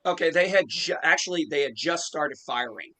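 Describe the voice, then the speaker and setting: A man's voice: on the high side, normal speed, bright, forceful tone, rough recording. A man in his forties telling a profane story in casual chat, acting out the quotes. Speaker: podcast host.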